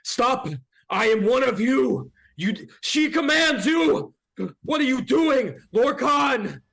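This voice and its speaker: A man voicing a panicked man who shouts desperate pleas in a tabletop game. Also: very high voice, animated, slow pace, vocal fry, voice pushed up, heavily acted. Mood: frantic. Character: panicked frantic young man pleading.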